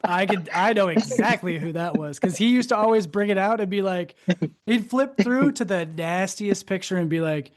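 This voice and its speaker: A veteran man in his forties hosts a podcast, chatting bluntly and profanely. His voice is pitched high for a man. He laughs along with his guest. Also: lively intonation, moderate pace. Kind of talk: casual chat.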